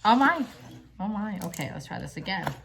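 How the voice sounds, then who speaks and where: A woman filming a casual unboxing vlog at home, chatty and gushing with excitement. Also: mid-range voice, moderate pace, vocal fry, low-quality recording. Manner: gushing, excitable, squeals and gasps. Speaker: vlogger unboxing a package. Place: home, filming with pets nearby.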